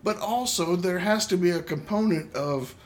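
A man's voice: high-pitched, normal speed. A man hosting a podcast, chatting casually and steering the conversation. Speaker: podcast host.

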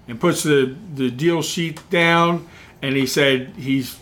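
A middle-aged man co-hosting a podcast, telling a story in casual chat and acting out the people in it. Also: slow pace. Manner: animated, acts out quoted voices with rising pitch. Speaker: podcast co-host.

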